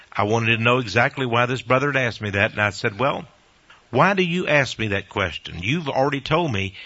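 A man preaching on the radio, telling a story and quoting others, his voice rising high when excited. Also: husky. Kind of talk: preaching testimony. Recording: dull lo-fi recording.

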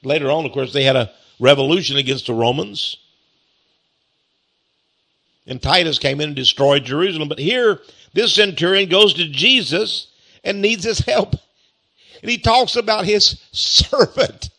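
A man preaching a sermon-style Bible lesson, asking rhetorical questions, repeating words and reading scripture slowly. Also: a little high, bright, forceful tone.

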